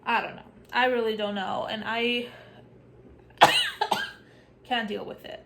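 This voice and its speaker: A woman's voice: on the high side, wildly swooping pitch, slow, vocal fry, noisy background. A young woman, sick with a cough and sore throat, chatting casually in a vlog and saying "like" a lot. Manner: chatty, says "like" a lot, drops to a hushed whisper at times. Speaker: vlogger.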